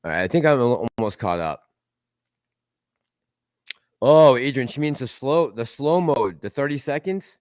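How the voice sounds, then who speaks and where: A man's voice: medium pitch, expressive, measured pace, long pauses, darkish tone, no room sound, clean studio sound. A man hosting a casual livestream, rambling and laughing as he reads out and answers chat messages. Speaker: livestream host reading chat.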